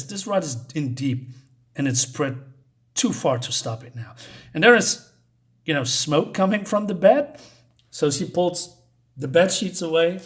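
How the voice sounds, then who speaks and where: A man recapping a horror comic in a hesitant way, with many pauses and fillers. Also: a little high. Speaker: comic reviewer.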